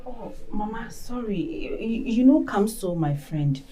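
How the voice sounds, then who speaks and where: Putri muda yang memohon. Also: female voice, mid-range voice, expressive, slow, dark tone. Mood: pleading. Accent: Nigerian. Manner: respectful, pleading. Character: young daughter defending her friend.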